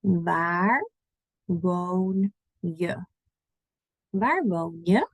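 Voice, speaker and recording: A Dutch-speaking woman teaching an online language lesson in English, saying Dutch words slowly and repeating them for learners. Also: fairly low pitch, gravelly, darkish tone, dry recording, rough recording.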